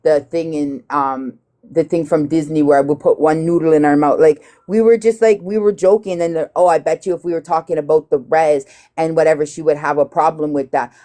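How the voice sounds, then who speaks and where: Lowish-voiced woman ranting on a live, blunt and cussing, retelling stuff. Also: fairly quick. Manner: blunt, profane, animated retelling. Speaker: live stream host. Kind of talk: heated casual live chat.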